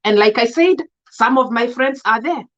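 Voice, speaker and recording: A woman's voice: a little high, lively intonation, normal speed, fairly bright tone, highs cut off. A woman with a Kenyan accent hosting a live stream, greeting viewers by name and speaking her mind in an emphatic mix of English and Swahili. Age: adult. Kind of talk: casual live-stream monologue.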